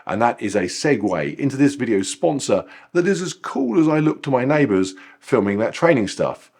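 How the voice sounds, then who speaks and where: A man's voice: mid-range voice, big pitch swings, moderate pace, a little mellow, slightly rough. A man delivering a dry, wry scripted voice-over for his running vlog. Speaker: running vlogger.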